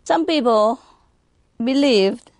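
Slow, playful woman telling jokes. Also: on the high side, lively intonation, no echo, studio quality. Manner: playful, laughs between lines, teases listeners with questions. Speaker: spiritual teacher. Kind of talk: telling jokes to a live audience.

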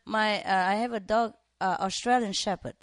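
A woman's voice: medium pitch, steady tone, moderate pace, no echo, studio quality. A woman chatting casually about her pet birds and dog, laughing often and acting out her pets. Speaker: bird owner. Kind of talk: casual storytelling.

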